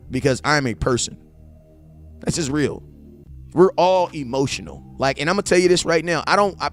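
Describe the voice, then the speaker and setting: A young man hosting a sports fan live stream, talking casually and bluntly in slang, answering chat, often building to impassioned near-shouting. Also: on the high side. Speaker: sports fan show host.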